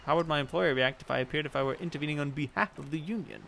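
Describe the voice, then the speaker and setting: A man reading aloud as a composed middle-aged woman envoy, in a measured, formal and diplomatic way. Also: a little high, vocal fry, a bit bright, a little hiss or hum. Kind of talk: reading game dialogue aloud.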